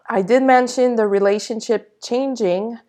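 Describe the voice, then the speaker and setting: A woman's voice: fairly high pitch, dark tone. A woman channeling a spiritual energy update, speaking in a reassuring way and sometimes searching for her words.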